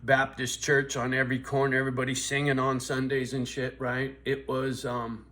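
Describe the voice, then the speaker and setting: A man's voice: mid-range voice, monotone, normal speed, a bit bright. A man in his fifties telling a blunt, profane, streetwise story in a vlog, asking "right?" again and again. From US West Coast. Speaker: vlogger.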